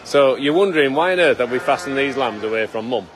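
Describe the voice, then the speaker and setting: Chatty farmer hosting live. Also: male voice, medium pitch, animated, fast, soft background music. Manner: chatty, teasing, with frequent restarts. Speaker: farmer and livestream host. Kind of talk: casual live commentary.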